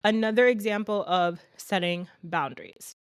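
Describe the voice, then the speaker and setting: A young adult woman hosting her own podcast in a casual solo talk, animated and talking straight to her listeners like a friend. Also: mid-range voice, moderate pace. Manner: animated, talks straight to listeners, calls them "sis" and "girl". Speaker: podcast host.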